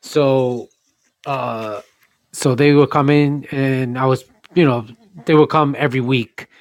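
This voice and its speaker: A man chatting casually and telling animated stories, acting out the people he quotes. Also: slow, dry recording. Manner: animated storyteller, acts out quotes with raised pitch. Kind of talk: casual chat.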